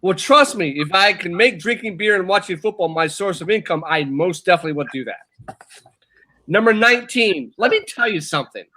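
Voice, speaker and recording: Co-host, high, bright, dry sarcastic delivery. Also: male voice, lively intonation, a little fast, slight background noise. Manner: dry, sarcastic list commentary. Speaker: co-host reading a list. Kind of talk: casual group chat.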